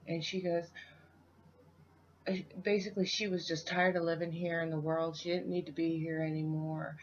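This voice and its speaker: A woman giving a raw, halting account of a dream she just had, rambling and full of fillers. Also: low-pitched, level tone, a little hiss or hum. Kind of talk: raw spoken dream recount. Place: at home, in the middle of the night. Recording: dull lo-fi home recording.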